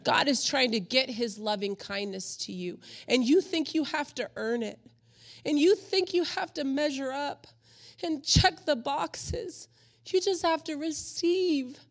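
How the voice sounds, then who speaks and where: A woman's voice: sits high, a little slow. Earnest, emotional woman pastor preaching. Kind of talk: sermon.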